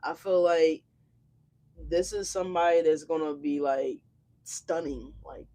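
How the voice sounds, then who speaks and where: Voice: mid-range voice, moderate pace, darkish tone, slight background noise. Effusive, slangy tarot reader hosting a live reading. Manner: effusive, slangy and profane, exclamatory. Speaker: tarot reader, channel host.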